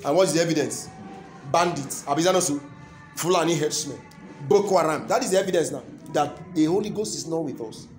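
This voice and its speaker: A Nigerian-accented man preaches with a fairly high-pitched voice, throwing questions to the congregation so they finish his lines. He repeats his main points for weight. Soft music plays underneath. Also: a little fast. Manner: call-and-response, keeps asking the crowd "what?" to complete his lines; emphatic, repeating key phrases. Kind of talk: sermon.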